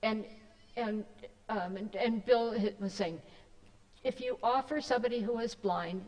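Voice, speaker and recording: A woman's voice: a little high, measured pace, darkish tone, long reverb tail, low-quality recording. A woman giving a casual, rambling talk to a church group, with many fillers and restarts. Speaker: guest speaker. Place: church hall.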